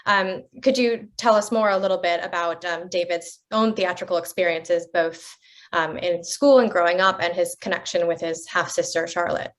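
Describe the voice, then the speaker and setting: A woman's voice: fairly low pitch, moderate pace. A woman interviewing a guest, asking her question tentatively with fillers.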